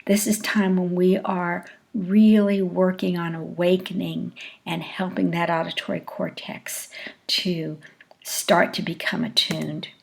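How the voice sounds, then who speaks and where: A woman giving a recorded lecture on speech acoustics, explaining deliberately and acting out short example phrases. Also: lowish voice, flat delivery, vocal fry.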